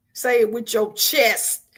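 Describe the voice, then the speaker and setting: Speaking in a slightly high voice with a breathy edge, a woman leads a weekly live-streamed spiritual vigil. She's colloquial and earnest, repeating phrases and nudging listeners to answer her.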